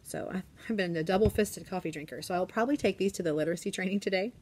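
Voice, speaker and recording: Chatty teacher woman, low voice. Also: racing, slight background noise. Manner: chatty, often drops to a hushed whisper. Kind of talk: casual classroom vlog chat. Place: classroom.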